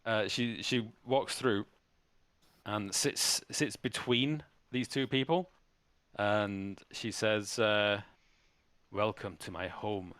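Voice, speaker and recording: Low-voiced male game master, halting, dry sound. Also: fairly bright tone, clear, resonant tone, dry recording. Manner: halting, with many restarts. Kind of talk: narrating a tabletop game.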